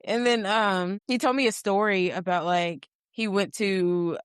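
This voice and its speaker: Woman, podcast co-host; lively storyteller who voices quotes, dry close sound. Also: medium pitch, unhurried, clean tone, no echo. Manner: animated storyteller, acts out quotes. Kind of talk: casual storytelling chat.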